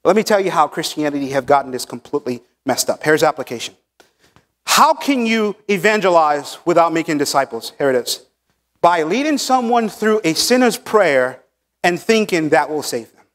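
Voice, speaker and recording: Pastor, male, higher voice, emphatic teaching sermon in a church sanctuary. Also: animated, a bit bright. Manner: emphatic teaching preacher, pausing on key words. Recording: long church hall reverb.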